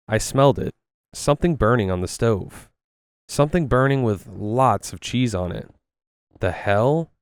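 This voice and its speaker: A man reading a first-person story aloud while playing a video game, in a steady storytelling manner. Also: fairly low pitch, clean tone, no echo, studio quality. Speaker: story narrator.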